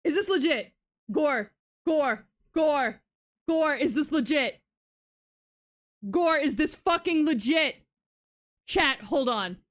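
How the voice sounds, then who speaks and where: A woman's voice: high voice, lively intonation, slow, long pauses. A young woman streaming live, chatting casually with her audience, swearing often and shrieking when thrilled. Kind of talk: casual livestream chat.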